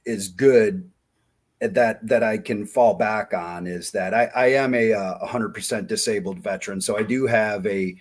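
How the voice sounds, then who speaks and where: A man in his forties telling war-buddy stories in a folksy, animated way on a casual interview. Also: on the low side, normal speed. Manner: folksy, animated, acts out quoted dialogue. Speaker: podcast guest, diving company founder.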